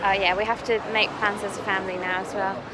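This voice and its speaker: A woman's voice: mid-range voice, level tone, fast talker. Chatty young woman filming on a phone. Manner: chatty, playful, laughs often. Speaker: vlogger. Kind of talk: casual vlog chat. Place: outdoors on busy city streets and in a café. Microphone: phone camera. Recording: phone recording with street noise. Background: street and traffic noise.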